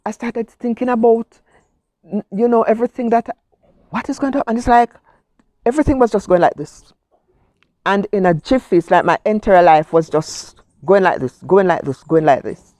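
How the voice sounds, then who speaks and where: A woman's voice: mid-range voice, normal speed, warm tone, dry recording, clean studio sound. A middle-aged woman telling her personal story as an interview guest, heartfelt and emotional, acting out what she said at the time. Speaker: guest, cancer survivor. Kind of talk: personal testimony.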